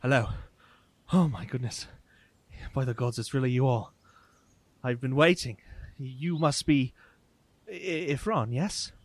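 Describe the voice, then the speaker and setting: A man's voice: mid-range voice, moderate pace, a little mellow, no room sound, natural voice. Man playing a flustered eager wanderer. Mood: excited. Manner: eager, apologetic, flustered politeness. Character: excited haggard stubbled wanderer, adult man.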